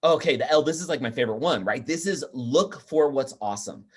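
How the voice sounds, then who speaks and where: A man speaking as a podcast guest, talking in an energetic, emphatic and chatty way. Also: mid-range voice, a little fast, slightly rough. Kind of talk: casual interview talk.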